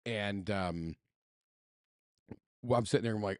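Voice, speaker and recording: A man's voice: fairly low pitch, moderate pace, pauses often, no room sound, studio quality. A middle-aged man with a Southern American accent, co-hosting a podcast in casual chat, telling stories with lots of laughs and restarts. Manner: animated, laughing storyteller with many restarts. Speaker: podcast co-host.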